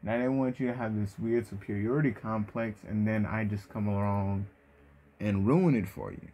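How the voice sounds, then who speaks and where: A man voicing a cocky, playful young male ninja who teases offhandedly in a low voice. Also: fairly even intonation, moderate pace, dark tone, slight background noise, close to an everyday voice. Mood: teasing.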